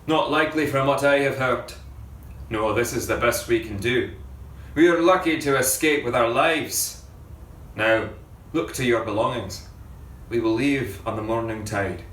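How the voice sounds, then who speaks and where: A man's voice: mid-range voice, a little slow, fairly bright tone, echoey room, far from the mic, natural voice. A man reading as a stern colonial father. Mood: grim. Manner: stern, commanding. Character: stern loyalist father, middle-aged man.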